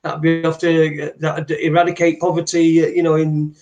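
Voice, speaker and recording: A man co-hosting a casual chat, ranting with animated, halting restarts. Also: on the high side, muffled recording. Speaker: co-host.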